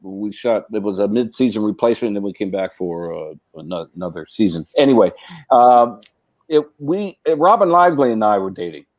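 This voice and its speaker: A middle-aged man, a podcast guest and actor, telling casual anecdotes in a rambling way, full of restarts and fillers, and turning animated when he acts out what others said. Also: on the low side, a little fast, no echo, low-quality recording. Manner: animated when acting out quoted speech.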